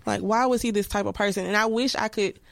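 A woman's voice: medium pitch, fairly even intonation, fast, creaky. A woman in her thirties speaking candidly and reflectively as a podcast guest, full of restarts and filler words. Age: 30s.

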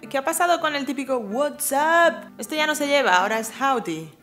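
Lively woman co-hosting a language lesson. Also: high-pitched, very fast, faint music behind. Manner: lively, asks questions and translates. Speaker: co-host. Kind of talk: casual bilingual lesson chat.

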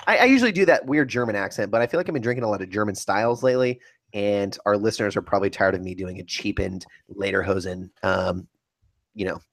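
A man's voice: lowish voice, fast. Chatty man co-hosting a podcast. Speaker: podcast co-host. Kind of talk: casual chat.

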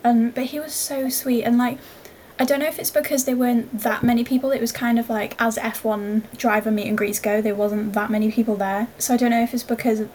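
A woman's voice: fairly high pitch, fairly even intonation, a little fast, a little mellow, a little hiss or hum. A young woman co-hosting a podcast, chatting in an easygoing, rambling way. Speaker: podcast co-host. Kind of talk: casual chat.

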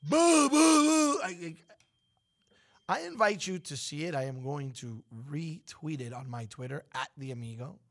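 A man's voice: medium pitch, moderate pace, a bit bright. A man hosting a radio show, chatting in a playful, teasing way. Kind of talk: casual radio banter.

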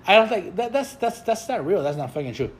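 Older man, high-pitched, casual chat, profane, rambling storyteller. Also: very animated, brisk.

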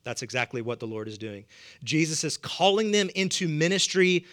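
A man's voice: a little high, lively intonation, normal speed, fairly bright tone. A man with a Southern US accent preaching a sermon, humorous and conversational, chuckling often. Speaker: pastor.

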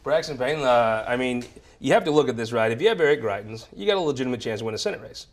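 A man's voice: medium pitch, lively intonation, fast talker. A man hosting a political panel show, joking and rambling from topic to topic. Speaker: show host.

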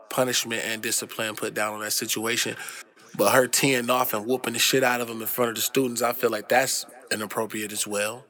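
A man's voice: mid-range voice, pushed and bright. A young adult man hosting a casual commentary monologue, ranting loosely with heavy slang and profanity. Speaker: host.

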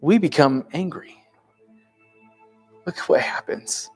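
A man's voice: a little high, expressive, takes it slowly, breathy edge, faint music behind. Conversational man preaching a sermon. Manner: conversational preaching, asks the listeners questions. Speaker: pastor.

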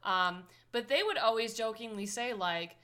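A woman's voice: a little high, moderate pace. A woman co-hosting a podcast, chatting casually and laughing often. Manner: laughing, animated. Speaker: podcast co-host. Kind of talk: casual chat.

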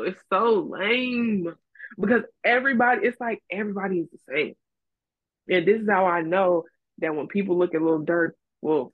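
A young woman co-hosting a casual podcast, talking bluntly and dramatically. Her voice comes through a thin, phone-like line that sounds dry, with no room echo. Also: lowish voice. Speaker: podcast co-host. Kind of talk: casual chat.

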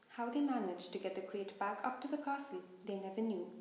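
A woman reading a children's novel aloud in an expressive storytelling manner, in a roomy-sounding recording. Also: mid-range voice, a little fast. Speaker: reader. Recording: roomy echo.

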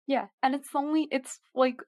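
A young woman in casual chat with friends, sarcastic and quick to laugh, filling her talk with "like" and "literally". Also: sits high, fairly even intonation, a little mellow, no echo, studio quality. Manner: sarcastic, laughs often, says "like" and "literally" a lot.

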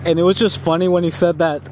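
A man vlogging while walking outside, rambling and laughing often, a bit high. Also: noisy background. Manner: rambling, laughs often, slow relaxed talk. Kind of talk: casual walking vlog. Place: outdoors on a street.

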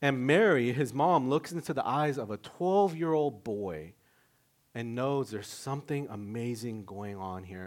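A man preaching a sermon in a lively, conversational way, with self-mocking humor, sudden loud rises and soft drops. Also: mid-range voice, a little slow. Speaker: pastor.

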